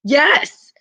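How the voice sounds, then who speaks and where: A woman's voice: high voice, sharp tone, muffled recording. A woman teaching a class, patiently explaining and often checking in with her students.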